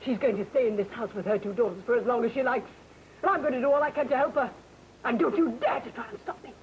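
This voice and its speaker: A woman's voice: a little high, fast, highs cut off, slight background noise, natural voice. An actress playing an indignant stepmother confronting her husband, in clipped, precise diction typical of old television drama. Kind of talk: 1960 television drama acting.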